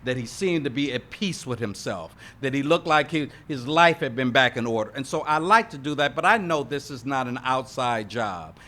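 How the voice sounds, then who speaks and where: A man telling his recovery story at an AA meeting, talking to the room and building to loud emphatic moments. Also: mid-range voice, normal speed, hardly any pauses. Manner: lively storyteller addressing the room with "y'all" and "right?"; emphatic, rising to loud punches. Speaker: AA meeting speaker. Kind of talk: recovery testimony to a live audience. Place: meeting hall with live audience.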